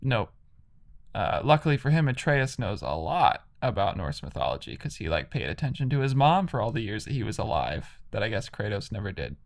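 A man's voice: lowish voice, big pitch swings, brisk, vocal fry. A man casually retelling a video game's story, rambling with lots of "like".

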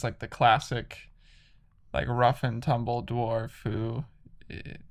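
A man casually retelling a video game's story, rambling with lots of "like". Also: mid-range voice.

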